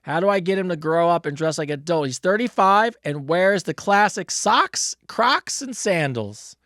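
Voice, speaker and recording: A man's voice: high voice, animated, normal speed, fairly bright tone, no room sound, studio quality. A man hosting an advice podcast, reading listener letters aloud and chatting in a bemused, casual way.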